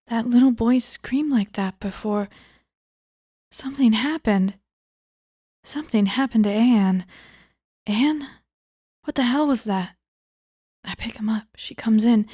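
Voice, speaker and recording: A woman giving a cold reading of a book aloud, often dropping into a hushed whisper. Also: a little high, breathy edge, no echo, studio quality. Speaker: audiobook reader.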